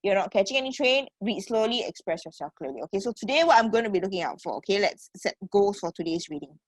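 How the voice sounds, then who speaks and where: A woman's voice: medium pitch, animated, quick pace, dry recording. Encouraging Singaporean woman teacher. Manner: checks in constantly with "okay" and "right?"; encouraging, calls students sweetheart. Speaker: English teacher. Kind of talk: online class lesson.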